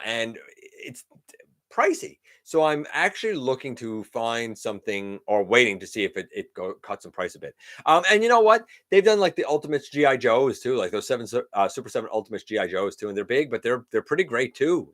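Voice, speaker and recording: Middle-aged male live-stream host, casual and chatty, animated intonation, lots of fillers. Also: medium pitch. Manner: chatty, greets viewers by name, many fillers. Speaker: host of a live toy-collecting show.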